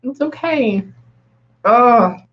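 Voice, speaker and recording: A woman working as a psychic medium, reading for a sitter and relaying messages in halting bursts, often pausing to say hang on. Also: on the high side, lively intonation, breathy edge, highs cut off.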